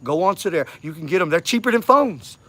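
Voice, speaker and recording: A man's voice: high voice, expressive, brisk, fairly bright tone. A man talking in a rambling, repetitive monologue that grows urgent and insistent. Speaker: vlogger. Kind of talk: casual monologue to camera.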